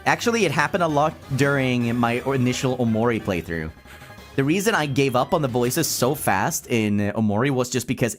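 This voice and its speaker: A man streaming from home, casually chatting, reading chat aloud and laughing often. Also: mid-range voice. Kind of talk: casual chat while gaming.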